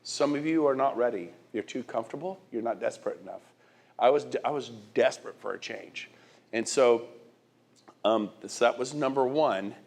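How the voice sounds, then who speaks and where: A man's voice: medium pitch, normal speed, creaky, a little mellow. A middle-aged man giving a motivational speech, hitting the crowd with emphatic rhetorical questions and often repeating and restarting words. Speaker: guest speaker.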